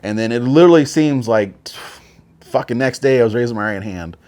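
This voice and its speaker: A man's voice: mid-range voice, brisk, darkish tone. A man in his forties, a Marine veteran guest, telling his story casually with lots of swearing and filler words. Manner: profane, rambling, with many fillers.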